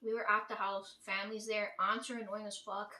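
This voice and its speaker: A woman's voice: medium pitch, little pitch movement, brisk, bright, forceful tone, distant mic. A woman telling a family story to her viewers in a blunt, profane, emphatic way, often asking "right?". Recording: echoey room.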